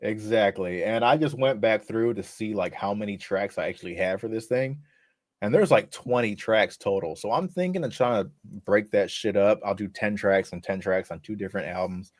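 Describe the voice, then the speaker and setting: A man talking as the guest on a casual podcast interview, laid-back and relaxed, swearing now and then as he talks. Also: fairly low pitch, moderate pace, dry recording, studio quality. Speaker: rapper guest.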